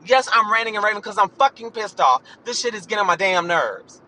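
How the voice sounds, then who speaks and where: A man's voice: sits high, expressive, a little fast, bright, forceful tone, slight background noise, poor audio. A man in his thirties hosting a podcast, ranting in a profane, emphatic, sassy way and calling listeners honey. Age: 30s. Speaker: podcast host.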